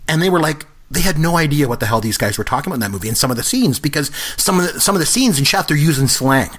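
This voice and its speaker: A middle-aged man co-hosting a movie review podcast in casual chat, animated, acting out scenes and laughing often. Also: on the high side, rapid-fire. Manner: animated, acts out movie lines in put-on voices, laughs often.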